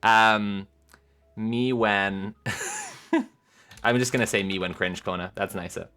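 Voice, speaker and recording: A woman streamer chatting casually with her viewers, animated and giggly, rambling with lots of filler sounds. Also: extremely low pitch, slow pace. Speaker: live streamer.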